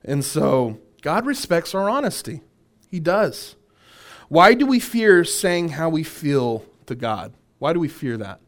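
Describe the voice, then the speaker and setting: A minister leads a relaxed Bible workshop with an animated delivery. His man's voice sits a little high, and he often laughs lightly and says his point twice. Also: unhurried. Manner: animated, chuckling, repeats key phrases. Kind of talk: conversational Bible teaching.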